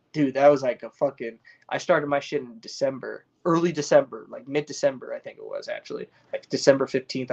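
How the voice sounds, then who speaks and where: A cannabis grower streams to viewers in a medium-pitched voice, the audio sounding dull. His casual livestream chat rambles along with swearing, slang and plenty of restarts.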